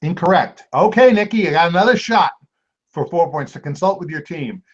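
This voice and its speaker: A man hosting a trivia quiz, reading clues aloud and repeating each one slowly. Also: fairly high pitch, expressive, husky. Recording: dull lo-fi amateur recording.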